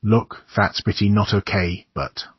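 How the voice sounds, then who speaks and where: A man reading a teenage boy who tries to calm a friend, talking softly and slowly in a placating way. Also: lowish voice, breathy edge, no echo, highs cut off. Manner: soft, slow and placating.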